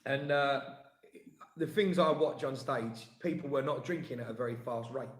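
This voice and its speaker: A man's voice: mid-range voice, moderate pace, reverberant. A man hosting a live stream, chatting casually and teasing his co-host.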